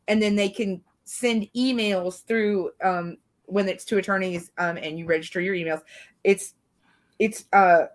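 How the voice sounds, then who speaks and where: A woman who works as a defense attorney, talking casually on a podcast, hesitant, with many fillers and restarts. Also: medium pitch.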